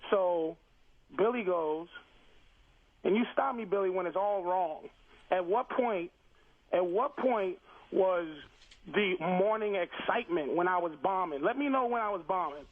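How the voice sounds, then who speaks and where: A man's voice: sits high, a little slow. A comedian calling in to a radio show, insistently retelling his side of a story and cutting in. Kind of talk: heated radio argument. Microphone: phone line. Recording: telephone call on the radio.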